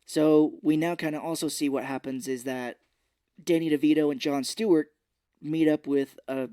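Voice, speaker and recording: A man's voice: on the high side, fairly even intonation, normal speed, warm tone, clear, resonant tone, no echo, clean studio sound. A man co-hosting a podcast, casually retelling a film's plot in a rambling way and quoting its lines. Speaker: podcast co-host. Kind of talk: casual film recap chat.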